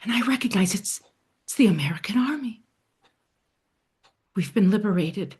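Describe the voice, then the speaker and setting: A woman telling a dramatic story in the first person, speaking in a hushed voice that often sinks to a soft near-whisper. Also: medium pitch, expressive, moderate pace, slightly rough.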